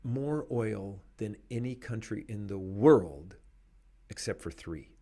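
A man in casual conversation, talking in an animated, opinionated way and laughing often. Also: fairly low pitch, takes it slowly.

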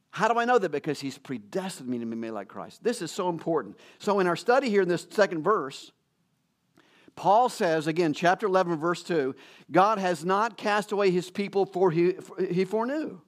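A man preaching a sermon, retelling a Bible story in a conversational way and acting out the quotes, with fillers and restarts. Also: sits high. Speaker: pastor.

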